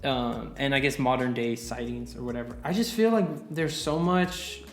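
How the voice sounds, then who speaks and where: A man's voice: medium pitch, normal speed. A man in his twenties co-hosting a podcast in casual chat, rambling with lots of swearing and fillers. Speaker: podcast co-host. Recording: roomy, faint music.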